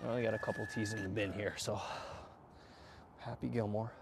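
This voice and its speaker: A man chatting casually to viewers while hitting golf balls, excitable and self-mocking, swearing often and breaking into loud outbursts. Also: on the low side, fairly quick, gravelly, background noise. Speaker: golf vlogger. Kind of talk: casual range-session chat to viewers.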